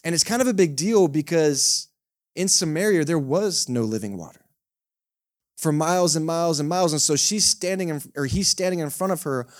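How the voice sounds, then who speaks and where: A man's voice: on the high side, lively intonation, normal speed. A male pastor, preaching a sermon in a conversational, joking way and often checking in with the congregation. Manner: conversational, joking, keeps asking the congregation "right?". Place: church service held in a cinema.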